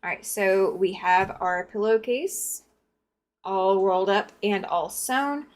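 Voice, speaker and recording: A woman's voice: medium pitch, slow pace. A woman hosting a live quilting stream, chatting casually and greeting viewers by name while she sews. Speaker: quilting livestream host.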